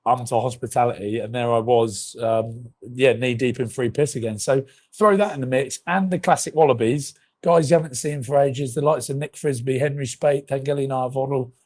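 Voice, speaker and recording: A man's voice: mid-range voice, fairly even intonation, normal speed, few pauses, a little mellow. A man in his thirties, a podcast co-host, telling rambling comic stories in casual chat and swearing freely.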